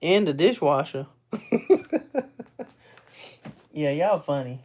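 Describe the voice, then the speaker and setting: A young man with a rather high-pitched voice, chatting casually with viewers on a livestream and laughing often. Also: slow pace, a little mellow. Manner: laughs often, loose and playful, teases chat. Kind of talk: casual live chat.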